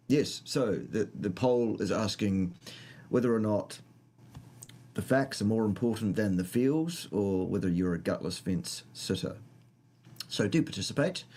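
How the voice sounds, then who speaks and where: A man's voice: lowish voice, dark tone. A man with a New Zealand accent hosting a casual livestream, rambling and joking as he greets viewers by name. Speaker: livestream host.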